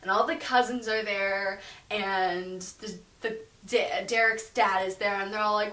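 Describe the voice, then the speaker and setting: A young woman hosting a comedic book review, sarcastic and profane, retelling the plot with animated asides. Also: mid-range voice, a little slow. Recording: roomy echo, distant mic.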